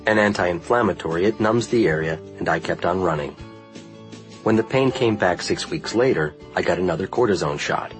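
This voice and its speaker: A man narrating a first-person memoir in a measured, earnest reading style. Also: deep voice, faint music behind, low-quality recording. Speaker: audiobook narrator.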